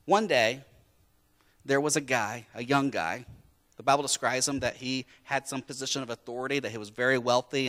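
Male pastor, sermon delivery, emphatic with repeated phrases, bright forceful voice, long church reverb. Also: mid-range voice, fairly quick.

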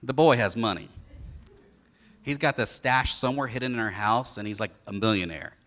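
A man's voice: medium pitch, normal speed. A man preaching a sermon, telling a story about his son and acting out the boy's lines with energy. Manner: animated storyteller who acts out his son's lines. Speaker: pastor.

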